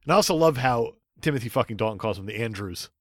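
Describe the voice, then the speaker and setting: A man's voice: mid-range voice, lively intonation, quick pace, no room sound. A man co-hosting a podcast, chatting enthusiastically about favorite film scenes and laughing often, recorded on a close mic. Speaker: podcast co-host. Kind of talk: casual chat about a film.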